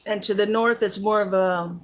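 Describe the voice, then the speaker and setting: A woman's voice: mid-range voice, steady tone, moderate pace. A woman with a Central New Jersey accent, hosting a casual live chat with viewers, chatty and laughing often, with many fillers. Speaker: live-stream host.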